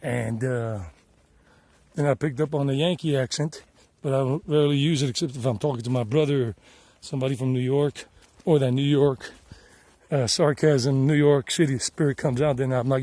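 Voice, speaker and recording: A man's voice: medium pitch, steady tone, moderate pace, dark tone, no room sound. Fields: middle-aged Southern US man, chatty hiking vlog. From South Carolina, United States. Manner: chatty, meandering, repeats himself. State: sweating from the climb. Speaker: travel vlogger and English teacher. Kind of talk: casual rambling narration while hiking. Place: outdoors on a mountain trail. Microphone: handheld phone.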